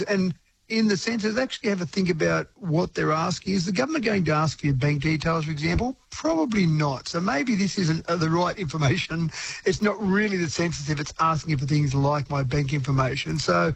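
A man with a New Zealand accent, a regular tech expert, talking through scams in a chatty, brisk radio interview. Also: a little high, creaky, a little hiss or hum, low-quality recording.

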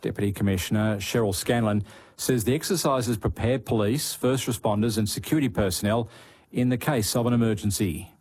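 A man reading radio news bulletins in a measured scripted way. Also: on the low side, darkish tone, breathy edge. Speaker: news presenter.

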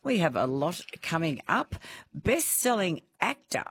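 A woman's voice: lowish voice, big pitch swings, a little slow, slightly rough. An Australian woman hosting a radio show, chatting casually with callers and laughing easily. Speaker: radio host. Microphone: studio microphone.

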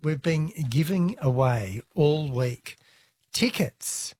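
A man's voice: fairly high pitch, lively intonation, slow pace, a little mellow, husky. A man hosting a radio program, chatting casually and teasing his guest with playful questions. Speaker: radio host.

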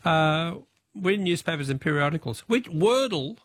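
Brisk Australian man hosting a radio quiz. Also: on the high side, expressive, no echo, clean studio sound. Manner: brisk, reads questions and caller names. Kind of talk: live radio quiz with callers.

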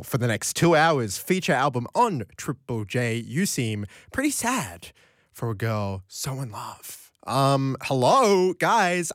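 A man's voice: a bit bright, dry recording, clean studio sound. A young man hosting a late-night radio show, chatting in a playful, rambling way with frequent restarts. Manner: chatty, playful, rambling, lots of restarts and sudden pitch jumps. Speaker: radio host. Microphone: studio microphone.

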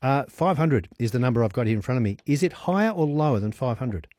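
A man's voice: medium pitch, lively intonation, quick pace, a little mellow, no room sound, studio quality. A man hosting a radio phone-in quiz, chatty and upbeat, laughing easily with callers. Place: radio studio.

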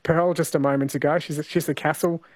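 A man's voice: a little high, fairly even intonation, fast, a little mellow, dry recording, studio quality. A man hosting a casual talkback radio show, chatty and playful, taking calls and reading texts. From New Zealand. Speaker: radio host.

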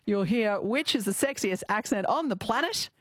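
A woman's voice: mid-range voice, lively intonation, normal speed, heavy background noise. A middle-aged Australian woman hosting a radio show, chatting playfully and laughing often. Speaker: radio host. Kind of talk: casual radio chat. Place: radio studio.

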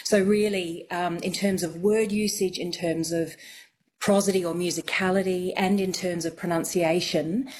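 A woman's voice: lowish voice, fairly even intonation, moderate pace, a little mellow, slight background noise. A woman accent coach as a radio guest, explaining thoughtfully with frequent ums.

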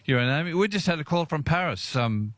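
A man's voice: fairly high pitch, expressive, brisk, a bit bright, no echo. Fields: Sex: man. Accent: Australian. Role: radio host. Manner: chatty and jokey. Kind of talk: live outdoor radio broadcast. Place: outdoors in a park.

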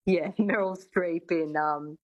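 Lower-voiced chatty woman accent coach. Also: steady tone, slow pace, poor audio. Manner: chatty, full of "I mean" restarts. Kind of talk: radio interview guest.

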